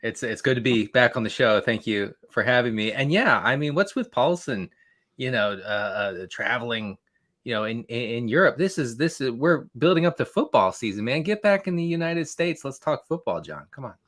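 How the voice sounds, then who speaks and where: Male guest analyst, mid pitch, casual and rambling, stumbles over his words. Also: lively intonation, fairly bright tone. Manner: rambling, repeats words, quick laughs. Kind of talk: casual fantasy football podcast chat.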